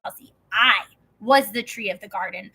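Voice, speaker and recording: A woman voicing God as a calm, gentle male deity, speaking in a soft, hushed way. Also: mid-range voice, normal speed, creaky, slightly rough, faint music behind, full character voice.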